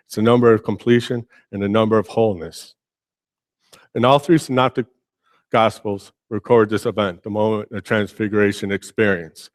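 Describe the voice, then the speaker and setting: A man preaching a sermon as pastor, telling Bible stories in a lively, casual way and acting out the characters' lines. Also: fairly low pitch, dry recording, studio quality. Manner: animated storytelling, acting out biblical figures in casual speech. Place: church.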